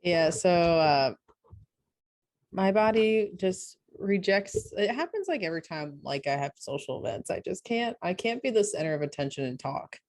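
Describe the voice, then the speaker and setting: A woman co-hosting a podcast in casual chat, tired, with a sore throat and a flat, low-key delivery. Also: moderate pace. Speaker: podcast co-host.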